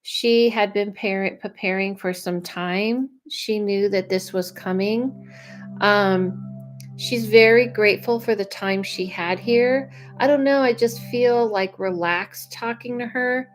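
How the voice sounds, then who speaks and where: Woman, medium-pitched, slow and chatty, psychic reading over soft music. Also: fairly even intonation, low-quality recording. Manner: chatty and unhurried, with many fillers. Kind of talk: live-streamed reading.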